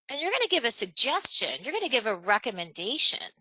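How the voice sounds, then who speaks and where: Bright-voiced woman coaching a webinar. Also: fast talker, hardly any pauses, no room sound, poor audio. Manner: animated, acts out examples in a higher voice, laughs between points. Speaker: webinar presenter. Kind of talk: live webinar coaching on presentation skills. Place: online webinar, home or office.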